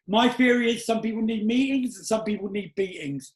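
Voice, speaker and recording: A man's voice: high voice, a little fast, hardly any pauses, roomy sound, rough recording. A man hosting a casual interview, talking earnestly and with emphasis. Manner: earnest, emphatic, often asks "do you get what I'm saying". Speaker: podcast host.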